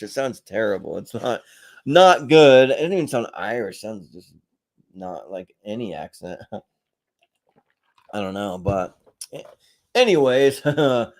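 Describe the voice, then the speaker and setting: A man's voice: mid-range voice, darkish tone. A young adult man hosting a solo ranking show, chatting offhand and rambling with frequent hesitations. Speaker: podcast host. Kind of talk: casual solo ranking chat.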